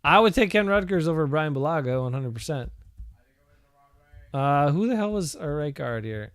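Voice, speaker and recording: A man's voice: fairly high pitch, expressive, normal speed, dry recording. A man co-hosting a casual sports talk show, joking, swearing now and then and reading out viewer comments. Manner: joking, swears freely, reads out chat comments.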